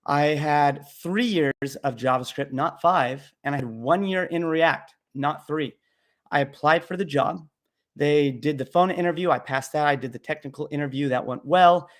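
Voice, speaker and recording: A young man runs a casual live Q&A about learning to code. He answers bluntly, cracks jokes, and rambles a bit with ums and uhs, in a voice pitched a little above the usual male range. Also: normal speed. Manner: blunt, joking, rambling with fillers. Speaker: livestream host answering coding questions.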